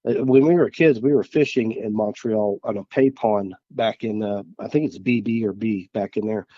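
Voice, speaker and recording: A man from Missouri, a guest on an interview podcast, recounting experiences in a halting, earnest way with frequent restarts. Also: lowish voice, no echo, muffled recording. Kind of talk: casual interview chat.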